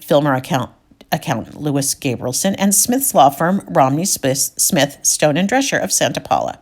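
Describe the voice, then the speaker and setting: A woman around fifty, hosting a podcast, reads old newspaper clippings aloud and breaks in with wry, chatty comments. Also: deep voice. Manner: wry, chatty asides between read passages. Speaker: podcast host.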